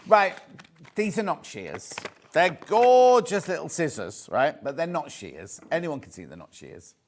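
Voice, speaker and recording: A man's voice: on the high side, very animated, unhurried. A British man presenting on a live shopping channel, chatty and jokey, repeating prices as he shows products. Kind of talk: live TV sales pitch. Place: TV studio.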